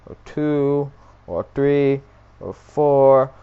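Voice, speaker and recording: A young man rambling through an absurd comic story, jumping into high silly voices for everyone in it. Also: expressive, clear, resonant tone. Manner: rambling, rapid, doing high-pitched silly voices for the people he quotes. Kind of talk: rambling absurd comedy monologue. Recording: dull lo-fi webcam audio.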